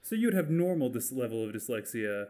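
A man's voice: mid-range voice, big pitch swings, fast, warm tone. A man co-hosting a podcast, talking in a laid-back, joking, casual way. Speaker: podcast co-host.

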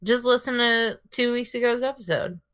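A woman co-hosting a podcast, talking in a relaxed, rambling way. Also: on the high side, moderate pace. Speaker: podcast co-host. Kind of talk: casual chat.

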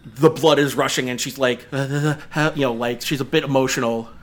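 A man's voice: medium pitch, steady tone, a little fast. A man in his thirties narrating a tabletop game as game master, rambling with lots of fillers and restarts. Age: 30s.

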